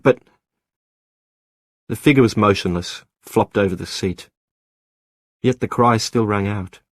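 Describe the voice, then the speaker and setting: A man narrating an audiobook in a measured, lyrical reading. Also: low-pitched, no room sound, clean studio sound.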